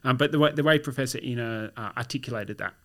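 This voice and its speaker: A man's voice: medium pitch, fast, fairly bright tone. A man co-hosting a casual podcast, talking in a thoughtful, hesitant way with dry asides. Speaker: podcast co-host. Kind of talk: casual conversation.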